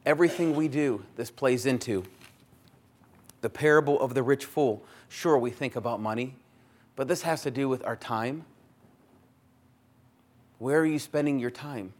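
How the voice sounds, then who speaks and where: A male pastor preaching a sermon in a deliberate manner, repeating phrases and putting questions to the congregation. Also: medium pitch.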